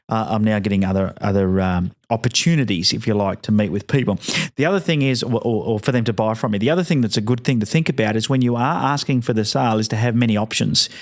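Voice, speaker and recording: A man hosting a solo podcast, explaining sales tips conversationally with fillers and acted-out phone lines. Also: mid-range voice. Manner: brisk, conversational teaching with frequent fillers; acts out sales phone lines in quoted dialogue.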